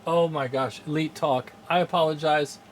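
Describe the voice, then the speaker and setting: A man's voice: on the high side, steady tone, moderate pace, slight background noise. A man casually chatting on a live stream, rambling with many fillers, chuckling often and greeting viewers in chat. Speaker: streamer hosting a game channel.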